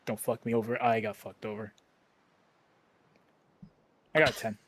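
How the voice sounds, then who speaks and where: A man's voice: on the low side, flat delivery, moderate pace, fairly bright tone. A man playing a tabletop game on a call, joking, swearing casually and laughing often. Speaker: player.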